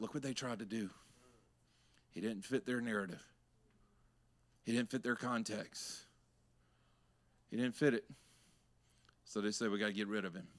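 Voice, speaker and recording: Bright-voiced pastor preaching. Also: male voice, mid-range voice. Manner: preaching with rising intensity, conversational asides. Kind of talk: sermon. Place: church.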